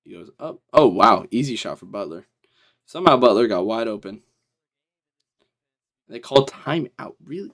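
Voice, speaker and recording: A man's voice: mid-range voice, animated, moderate pace, pauses often, a bit bright. A young man giving casual live play-by-play commentary, talking straight at the teams in exasperation.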